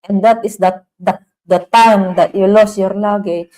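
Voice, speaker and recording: A woman co-hosting a casual livestream who chimes in with slow, hesitant remarks. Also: medium pitch, steady tone, dark tone, low-quality recording. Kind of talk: casual chat.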